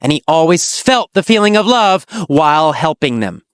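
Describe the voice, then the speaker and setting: An English teacher telling a teaching story, asking simple questions and answering them, with slow, exaggerated storytelling and dramatic pitch swings. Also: very animated, clear, resonant tone, no echo, studio quality.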